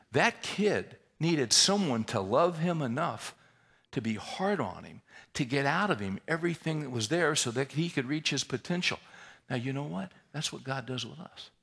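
A man preaching a sermon, telling a story in a conversational way that builds to loud, intense climaxes. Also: on the high side, vocal fry, breathy edge. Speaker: pastor.

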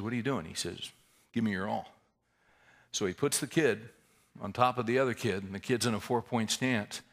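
A man preaching a sermon, telling a story in a conversational way that builds to loud, intense climaxes. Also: on the low side. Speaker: pastor.

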